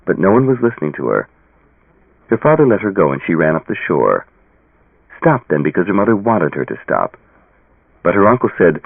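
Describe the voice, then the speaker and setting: A man narrating an audiobook with a dramatic, expressive reading. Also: deep voice, moderate pace, vocal fry, long pauses, dry recording. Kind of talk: scripted narration. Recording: tinny phone-like audio.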